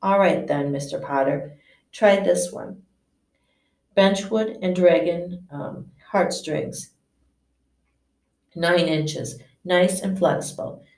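A woman's voice: lowish voice, gravelly, a little mellow. A woman voicing a musing old wandmaker. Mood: brisk. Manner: musing, measured, with hesitant restarts. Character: old male wandmaker, eerie and intense. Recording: echoey room, distant mic.

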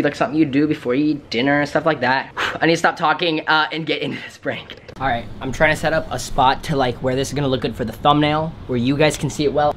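A young man vlogging to a handheld camera, excited and rambling with lots of filler words, moving between a car, shops and a holiday room. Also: mid-range voice, a little hiss or hum. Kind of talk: casual vlog to camera.

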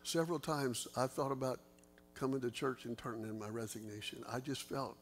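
A pastor talks through scripture with his church in a plain, mid-range voice. He is earnest and conversational, and his pitch leaps upward when he stresses a point. A faint hum sits underneath the recording. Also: fairly even intonation, a little fast. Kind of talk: Bible study teaching.

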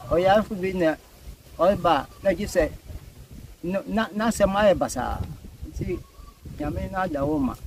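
High-voiced Ghanaian man outdoors. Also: a little mellow, a little hiss or hum, poor audio. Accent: Ghanaian Fante. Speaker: community member. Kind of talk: speaking to a local news camera.

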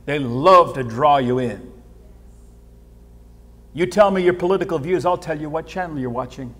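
A man preaching a sermon as pastor, animated, repeating words and swinging between hushed and loud. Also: a little high, normal speed. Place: church sanctuary. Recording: church hall with long reverb.

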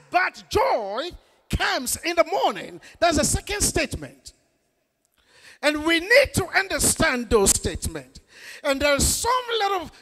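A male pastor preaching an emphatic sermon, often shouting and drawing call-and-response from the congregation. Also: very high-pitched.

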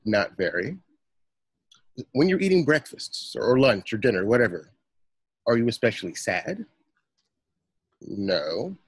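A man's voice: mid-range voice, very animated, a little slow, pauses often, breathy edge, no echo. A man reading aloud as an exasperated young male driving-school worker, telling an indignant story and quoting the people in it. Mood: arguing.

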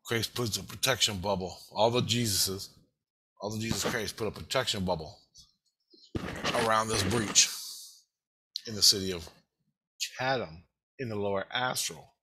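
A man casually telling a rambling, excitable story, swearing freely. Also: on the low side, unhurried, long pauses, noisy background.

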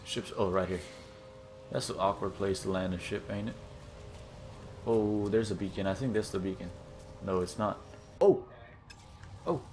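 A man's voice: low-pitched, normal speed, long pauses, faint music behind. A young man casually commenting on his own gameplay, exclaiming and gasping often as he explores. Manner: excitable, gasps and exclaims often. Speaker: gaming channel host. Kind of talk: casual let's-play commentary.

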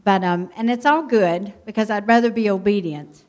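A middle-aged woman, a missionary pastor's wife, telling a lively, heartfelt story to a church. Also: mid-range voice, moderate pace. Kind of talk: personal testimony to a church.

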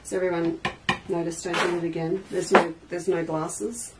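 A woman's voice: fairly low pitch, little pitch movement, moderate pace. A woman hosting a live crafting demonstration, chatting with viewers and reading their comments aloud as she works. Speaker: quilting shop host. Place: craft studio indoors. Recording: distant mic with faint noise.

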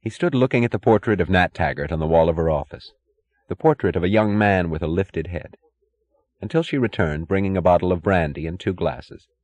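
A man narrating a novel as an audiobook, with a measured, even reading. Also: low voice, highs cut off.

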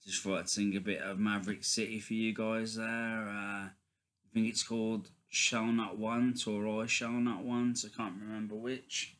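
A man talking casually to his viewers in a faith vlog, halting, with many ums and restarts. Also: fairly low pitch, level tone, fairly bright tone. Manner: addresses viewers as guys. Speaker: vlogger.

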